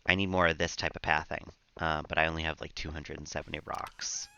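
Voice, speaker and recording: Deep, bright-toned male streamer chatting. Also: fairly quick, creaky, a little hiss or hum. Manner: relaxed, rambling, chuckles often. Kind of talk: casual gameplay chat.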